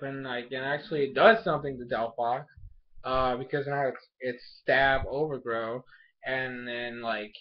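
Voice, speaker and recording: A man casually reviewing an anime episode, rambling with lots of fillers and excited laughs. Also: mid-range voice, moderate pace. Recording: dull lo-fi sound.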